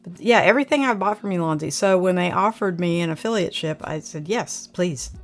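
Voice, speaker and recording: A chatty woman with an Oklahoma twang talks loosely and at length, wandering between thoughts as she answers viewers. Her voice sits a bit low for a woman. Soft music plays faintly behind her. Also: lively intonation, a little fast. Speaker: channel host reviewing camera gear. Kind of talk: casual live chat.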